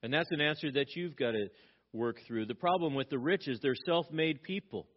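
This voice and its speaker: A man's voice: a little high, moderate pace. A middle-aged man preaching a sermon as a pastor, emphatic and repeating his key phrases, with frequent restarts. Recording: dull lo-fi recording.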